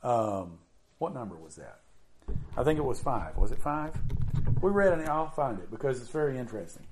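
A middle-aged man preaching an informal sermon in a conversational way, with drawn-out emphasis and many "you know"s. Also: mid-range voice, sing-song, background noise.

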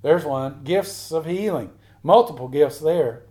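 A man's voice: a little high, measured pace, dark tone. A man preaching a sermon as a pastor, building up to emphatic repeated lines.

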